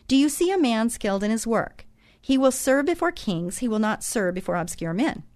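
A woman's voice: fairly high pitch, sing-song, brisk, darkish tone. Chatty middle-aged woman hosting a talk show. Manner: chatty, folksy storytelling with frequent um and uh; earnest and preachy, repeats points for emphasis. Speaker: radio show host. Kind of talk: motivational talk show monologue.

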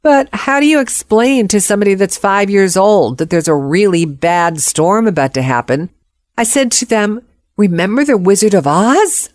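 Expressive woman telling a personal story. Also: mid-range voice, moderate pace, no room sound, studio quality. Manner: expressive, acts out voices.

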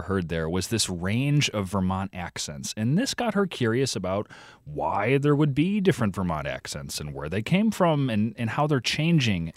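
A man from outside Chicago with a low voice whose pitch moves a lot as he explains things in a chatty way. The sound is dry and close. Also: no echo. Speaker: podcast co-host guest. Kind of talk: interview answers.

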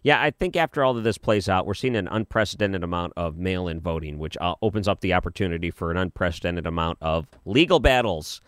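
A man's voice: deep voice, quick pace, hardly any pauses, fairly bright tone, smooth, no echo, clean studio sound. A man hosting a late-night call-in radio show, easygoing and agreeable, often chuckling. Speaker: radio talk show host. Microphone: studio microphone.

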